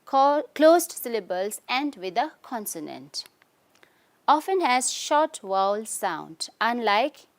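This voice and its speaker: A woman teaching English with a Tibetan accent, walking through example words slowly and often checking in with "okay?" and "right?". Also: medium pitch. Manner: slows down to spell out example words. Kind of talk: online classroom lesson.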